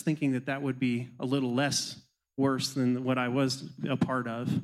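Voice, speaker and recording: A man's voice: mid-range voice, flat delivery, moderate pace, poor audio. Earnest man preaching a testimony. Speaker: pastor. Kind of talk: testimony in a church service. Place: church sanctuary.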